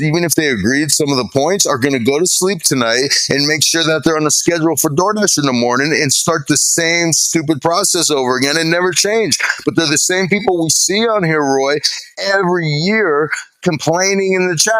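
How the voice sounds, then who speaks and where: A man's voice: fairly high pitch, normal speed, a bit bright, no echo. A man boasting about his YouTube channel in a casual podcast chat, swearing often and talking with swagger. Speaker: guest YouTuber.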